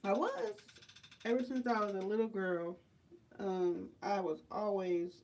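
A woman's voice: mid-range voice, lively intonation, unhurried, darkish tone. A woman vlogging a makeup tutorial in a dramatic, chatty way, calling on the Lord and calling viewers y'all and child. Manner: dramatic, exclaims to God and the Lord.

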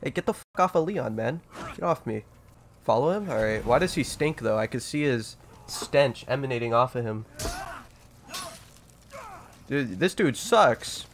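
A man giving casual let's-play commentary, excitable and profane, trash-talking the game as he plays. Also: mid-range voice, measured pace, pauses often, a little hiss or hum. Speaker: gaming YouTuber.

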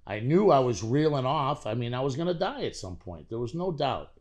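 A man's voice: medium pitch, very animated, brisk, a little mellow. A man giving a personal recovery testimony, telling it conversationally with many fillers and restarts, and acting out past conversations. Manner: earnest, acts out past dialogue. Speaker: testimony speaker.

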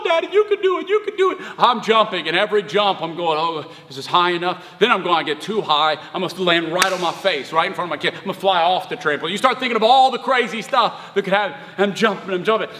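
Brief: pastor in his thirties, animated storyteller, forceful tone with long reverb. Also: sits high. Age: 30s. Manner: animated storytelling, conversational with emphatic surges. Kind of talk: sermon.

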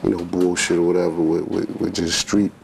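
A very deep, gravelly man answers questions in a flat, even tone. He is laid-back and reflective, and faint background noise sits under his voice. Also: a little fast. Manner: laid-back, reflective, many "you know"s. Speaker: interview guest, rapper. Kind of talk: interview answer.

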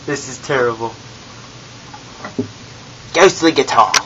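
A man's voice: medium pitch, muffled recording, natural voice. A young man putting on a showy British ghost. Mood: announcing. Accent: put-on British. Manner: loud, drawn-out grand announcements. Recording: hissy home camera audio, off-mic.

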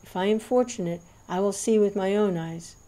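A man's voice: high voice, moderate pace, mellow, lightly acted, low-quality recording. A woman reading as a weeping humble devotee. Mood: earnest. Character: humble male devotee messenger, weeping with joy.

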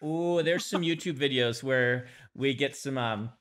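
A man co-hosting a podcast, talking in a thoughtful, casual way with frequent pauses. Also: medium pitch, a bit bright. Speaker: podcast co-host, author. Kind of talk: casual conversation.

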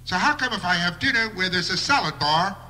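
A stand-up comedian performs live with a wry observational delivery and bursts of mock outrage. His high voice is expressive, bright and forceful, and he talks a little fast.

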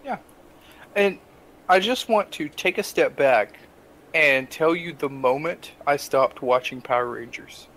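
A young adult man co-hosting a casual podcast, telling a story with animated, exasperated asides. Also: on the high side, a little slow. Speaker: podcast co-host.

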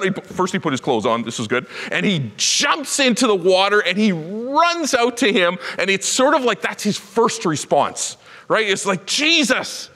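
A man preaching a sermon as pastor, retelling a story in an animated, emphatic way. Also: fairly high pitch, in a large hall. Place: church sanctuary.

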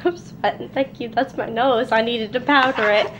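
A woman's voice: a little high, steady tone, moderate pace, dull audio. A young woman vlogger chatting casually through a challenge video, giggling often. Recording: noisy home recording.

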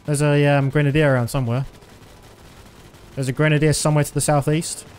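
A man's voice: on the high side, level tone, fairly quick, darkish tone, slight background noise. A man streaming a shooter game, giving a chatty, self-mocking running commentary. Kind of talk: casual gameplay commentary.

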